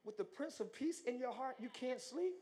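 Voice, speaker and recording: Very high-voiced man preaching, reverberant hall. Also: normal speed, a little hiss or hum. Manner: animated preaching, swinging from hushed talk to shouts. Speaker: pastor. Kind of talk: live sermon. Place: large church hall. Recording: long church hall reverb.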